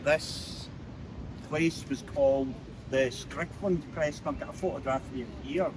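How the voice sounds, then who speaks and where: A Glaswegian man leads a walking tour through city streets, spinning local history as lively anecdotes. He drops into the voices of the people in his stories and fills pauses with easy "uh"s. Faint traffic hums in the open air behind him. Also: mid-range voice. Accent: Scottish (Glasgow). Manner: anecdotal, acts out quoted voices, frequent "uh" fillers. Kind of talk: guided street tour storytelling.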